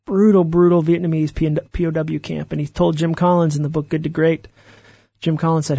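A man, an author being interviewed, telling stories in an animated way and acting out the voices he quotes. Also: fairly high pitch, brisk, creaky, breathy edge, dry recording, lo-fi sound. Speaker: author guest. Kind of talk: interview conversation.

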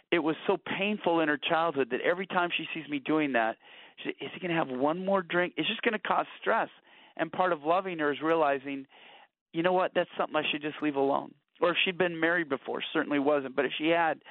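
A man's voice: fairly high pitch, no room sound. Earnest man on tinny radio audio. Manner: earnest, anecdotal, repeats words at starts. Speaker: guest author on marriage. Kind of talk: conversational storytelling.

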